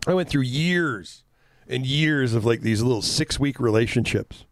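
A man's voice: mid-range voice, expressive, unhurried. A man co-hosting a podcast in casual chat, telling candid stories with the odd swear word. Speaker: podcast co-host.

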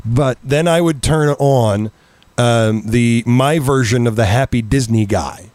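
A man's voice: medium pitch, unhurried, darkish tone, no echo. A middle-aged man chatting casually on a podcast, telling stories with a self-deprecating edge. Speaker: podcast co-host.

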